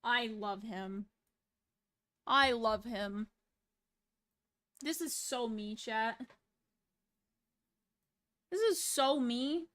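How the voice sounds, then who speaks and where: A woman's voice: fairly high pitch, extremely slow, pauses often. A woman streamer chatting casually with her viewers, laid-back and swearing freely. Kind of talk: casual livestream chat.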